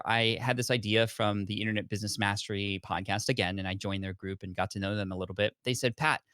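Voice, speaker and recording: Lively low-voiced man telling his story. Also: dry recording, clean studio sound. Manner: animated storyteller acting out his past self. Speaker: podcast guest. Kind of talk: storytelling in conversation.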